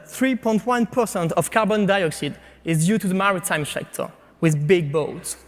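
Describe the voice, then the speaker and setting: A man with a French accent giving a startup pitch to an audience, speaking haltingly with frequent fillers and restarts. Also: in a large hall. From France. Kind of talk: competition pitch presentation.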